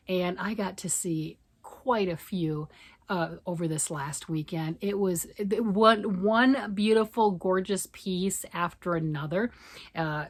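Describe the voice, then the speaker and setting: A middle-aged American woman chatting enthusiastically to camera in a knitting vlog, with lots of fillers and restarts. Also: on the low side. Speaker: knitting vlogger. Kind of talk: casual chat to camera.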